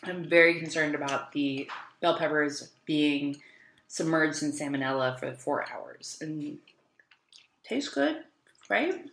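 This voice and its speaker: A woman's voice: deep voice, little pitch movement, a little slow, a bit bright, a little hiss or hum. A woman in her late thirties from Houston, chatting casually as a podcast host in a wry, self-mocking way with plenty of ums and likes. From Houston, United States. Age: late 30s. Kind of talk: casual chat.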